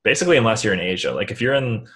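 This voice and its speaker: A man with a deep, low voice talks through his answers in a relaxed interview. His delivery is loose and meandering, full of casual fillers. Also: racing. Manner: relaxed, rambling, many "like" fillers. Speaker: guest, online seller.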